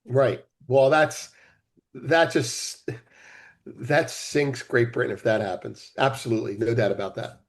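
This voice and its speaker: Measured man trading guest. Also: mid-range voice, steady tone. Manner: measured, affirming with short replies. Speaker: podcast guest, trader. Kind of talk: casual interview talk.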